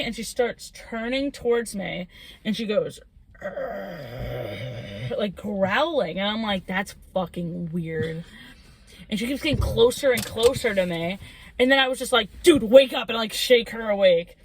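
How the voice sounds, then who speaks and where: A young woman co-hosting a podcast, telling a spooky story in casual chat, animated and giggly as she acts out the quotes. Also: medium pitch. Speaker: podcast co-host.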